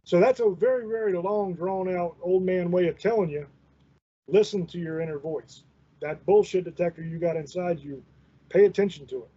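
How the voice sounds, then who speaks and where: Husky high-voiced man rambling. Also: normal speed, warm tone. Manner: rambling, profane, folksy. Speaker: host. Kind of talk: casual storytelling monologue. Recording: dull lo-fi recording.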